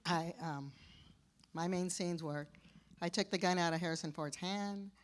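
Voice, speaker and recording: A woman's voice: lowish voice, unhurried, a little hiss or hum. An older woman on a convention panel, chatting and telling stories from her film work, acting out quoted voices as she goes. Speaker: panel guest, former creature performer.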